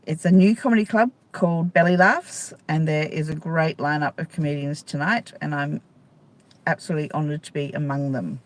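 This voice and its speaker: A woman's voice: low-pitched, moderate pace. A middle-aged woman, a stand-up comedian, chatting casually and playfully to viewers on a live stream from a city street, talking into a phone held at arm's length. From Australia.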